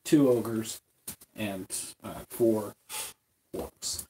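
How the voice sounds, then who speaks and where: A man running a tabletop game as game master, describing scenes with pauses, fillers and repeated words. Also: fairly low pitch, warm tone, slight background noise, rough recording.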